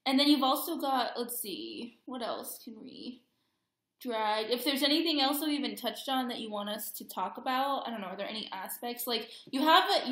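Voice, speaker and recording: A young woman with a fairly high voice chats about astrology in a loose, giggly way. She slips into playful voices as she jokes. The sound carries the echo of a bare room. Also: a bit bright. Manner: giggly, acts out voices with a laugh. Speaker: astrology podcast co-host. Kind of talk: casual chat, joking chart reading.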